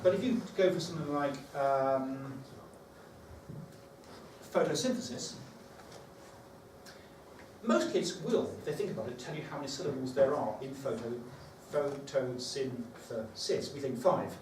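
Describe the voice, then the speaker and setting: Leading a workshop for teachers, this man uses a mid-range, somewhat dark voice that's animated at a moderate pace, with long pauses. His delivery is conversational, full of fillers as he thinks aloud. Captured from a distance in an echoey room with background noise.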